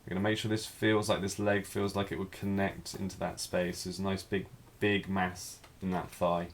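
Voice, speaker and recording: A man teaching a live figure drawing class, talking through each stroke as he draws, in a relaxed, thinking-aloud way. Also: deep voice, moderate pace, a little hiss or hum.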